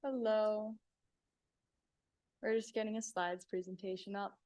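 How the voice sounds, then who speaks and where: A student board representative giving a presentation to a school board in a measured manner. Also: female voice, medium pitch, level tone, mellow. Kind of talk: presenting a report.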